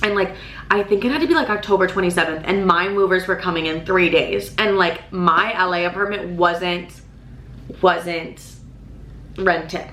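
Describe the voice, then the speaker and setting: A young woman telling a story on her vlog in a casual, animated way, swearing often and filling her talk with "like". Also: fairly low pitch, normal speed. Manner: animated, swears a lot, many "like" fillers. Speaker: vlogger. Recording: roomy echo, faint background noise.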